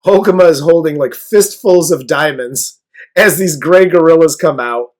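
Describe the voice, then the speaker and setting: A man's voice: fairly high pitch, normal speed. A man co-hosting a casual movie review, recapping the plot with crude jokes in a laid-back way. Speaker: co-host of a movie review show.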